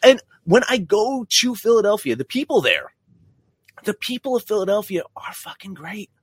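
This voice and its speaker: Podcast co-host, male, raised pitch, animated, foul-mouthed rants, dry mic. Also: moderate pace, husky, no echo. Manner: ranting, heavy swearing, animated. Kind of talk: casual sports chat.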